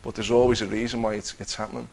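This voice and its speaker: A man's voice: on the low side, little pitch movement, very fast, a little mellow, poor audio. A man telling a personal faith testimony in a conversational way, acting out what he and others said. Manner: conversational, acts out his own quotes, many restarts.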